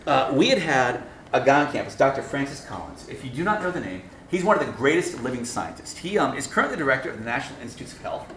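A man giving a sermon to students, telling stories with humor and acting out the voices in them. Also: on the high side. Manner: animated, acts out voices in his stories. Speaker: campus minister giving a talk. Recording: echoey room, mic at a distance, faint noise.

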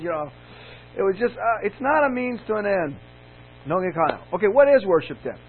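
A man's voice: on the high side, quick pace. A man preaching a sermon as a campus minister, candid and storytelling, building to emphatic peaks. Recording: tinny lo-fi sound with faint mains hum.

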